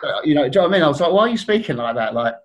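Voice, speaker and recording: A man's voice: on the high side, very animated, very fast, rough recording. A man from Surrey, a guest on a casual podcast, telling stories and acting out other people's voices. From Surrey, England.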